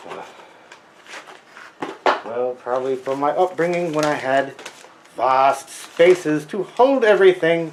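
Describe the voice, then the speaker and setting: A man's voice: a little high, expressive, slow pace, long pauses, slight background noise, low-quality recording. Grumbling man in a mock Freudian accent. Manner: grumpy, dry sarcastic asides. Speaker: workshop vlogger. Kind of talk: rambling workshop monologue. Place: home workshop.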